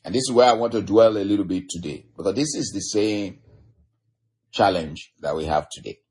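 Guy preaching a sermon, kinda husky lowish voice, drags out the key words. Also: animated, darkish tone. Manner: slow, emphatic teaching with chuckles and varied pace.

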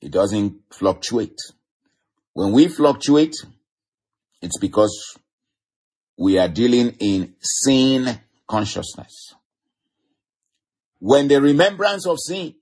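A man preaching a sermon, teaching slowly and emphatically, stretching key words and chuckling now and then. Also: mid-range voice, darkish tone, slightly rough. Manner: slow, emphatic teaching with chuckles and varied pace.

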